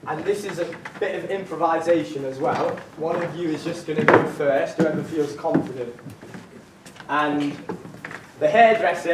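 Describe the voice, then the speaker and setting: A man leading a drama workshop, giving upbeat, encouraging instructions to his class. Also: a little high. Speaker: drama teacher. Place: drama studio. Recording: echoey room, distant mic, faint noise.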